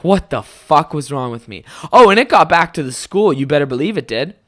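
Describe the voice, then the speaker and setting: Animated, rambling young man podcasting. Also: a little high, a little fast. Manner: rambling, swears a lot, animated outbursts. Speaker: podcast host. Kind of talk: casual solo podcast storytelling.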